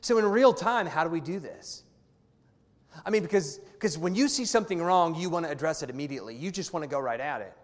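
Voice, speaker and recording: A man's voice: a little high, animated, fast. A man in his thirties preaching a sermon as a pastor, conversational and weaving in personal family stories. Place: church hall. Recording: long hall reverb.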